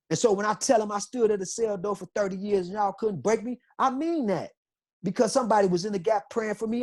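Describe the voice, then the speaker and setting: A man's voice: high voice, a little mellow. A middle-aged man, a guest on an interview podcast, telling his story in an emphatic, repetitive, impassioned way.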